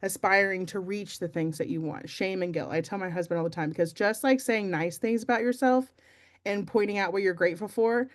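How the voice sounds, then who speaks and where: Speaking briskly in a mid-range voice, a young adult woman gives her team a casual, chatty pep talk. She pokes fun at herself and fills her speech with fillers, the way a team meeting speaker might.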